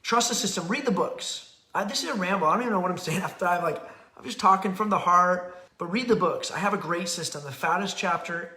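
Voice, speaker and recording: A middle-aged man talks about parenting in a loose, rambling way, slipping into quick acted-out quotes. His voice sits a little high for a man. The room around him rings with echo. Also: bright, forceful tone. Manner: rambling, candid, acts out quotes with laughs. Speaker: podcast host and parenting author. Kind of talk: casual rambling talk. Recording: echoey room.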